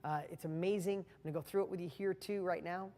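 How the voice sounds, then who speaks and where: A man's voice: high voice, steady tone, quick pace, darkish tone, in a large hall. A man giving an earnest, impassioned motivational talk, speaking straight to the viewer.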